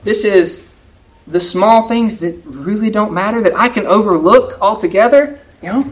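A preacher speaks at a moderate pace and medium pitch, giving a folksy sermon in a conversational style. He repeatedly asks listeners "right?" and performs quoted prayers and remarks in a raised voice.

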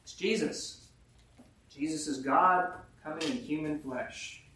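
A man with a somewhat high voice delivers a sermon, leaning hard on each verse and then breaking it down in everyday words. He often asks his listeners questions. He sounds far from the mic, in a very echoey church hall. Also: sharp tone. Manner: reads verses slowly and emphatically, then explains in plain talk. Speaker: preacher. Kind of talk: sermon with scripture reading. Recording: very echoey room, voice from afar.

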